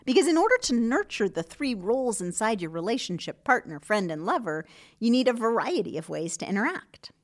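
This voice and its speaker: A woman hosting a podcast, giving scripted relationship advice in an earnest, expressive way with soft asides. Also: a little high, brisk. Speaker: podcast host.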